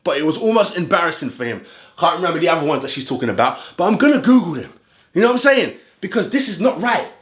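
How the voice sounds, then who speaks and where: A man's voice: a little high, big pitch swings, quick pace. A man giving heated reaction commentary as a football fan vlogger, ranting in street slang. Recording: roomy echo.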